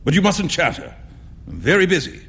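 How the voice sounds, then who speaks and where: A man's voice: sits high, wildly swooping pitch, fairly quick, vocal fry, a bit bright, breathy edge, in a large hall, full character voice. A man reading a story aloud, voicing a flamboyant, self-assured male painter with theatrical, emphatic exclamations. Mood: scolding.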